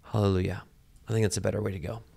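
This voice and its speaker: Animated man teaching scripture casually. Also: fairly low pitch, rapid-fire, vocal fry, husky, dry recording. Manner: animated, acts out voices, many fillers.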